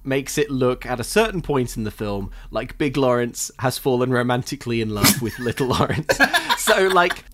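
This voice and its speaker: A man's voice: moderate pace, hardly any pauses, background noise. A man co-hosting a comedy podcast, chatting animatedly about a film and laughing often. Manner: animated, laughs often, jumps into high-pitched mock voices. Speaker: podcast co-host. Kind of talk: comedic film review chat.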